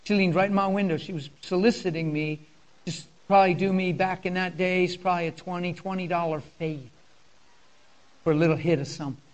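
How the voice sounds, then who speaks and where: Impassioned high-voiced preacher man. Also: steady tone, a little fast, lo-fi sound. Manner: impassioned, emotional, conversational preaching. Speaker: pastor. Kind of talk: sermon with personal storytelling.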